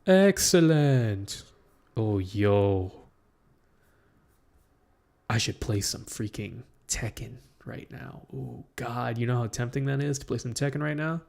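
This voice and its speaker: A man's voice: medium pitch, expressive, slow pace, creaky, darkish tone. A young man streaming live, chatting casually and rambling to himself as he tweaks his mic settings. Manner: rambling, talks to himself while adjusting audio settings. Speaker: livestreamer. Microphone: studio mic with compressor.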